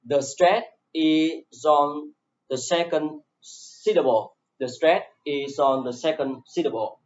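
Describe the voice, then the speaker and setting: Slow Vietnamese-accented male English teacher. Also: fairly high pitch. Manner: slow and repetitive, saying each word several times. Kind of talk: slow classroom explanation. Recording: echoey room, dull lo-fi sound.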